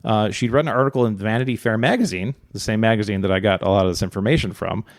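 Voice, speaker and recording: A man co-hosting a podcast, telling a true-crime story in a relaxed, rambling way with many fillers and joking asides. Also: on the low side, fast, dry recording, clean studio sound. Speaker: podcast co-host.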